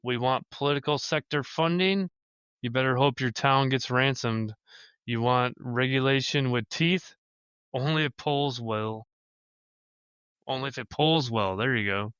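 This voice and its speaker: A man's voice: mid-range voice, a little slow, fairly bright tone, clean tone, dry recording, dull audio. A man co-hosting a casual podcast, laid-back and blunt, swearing casually. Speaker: podcast co-host.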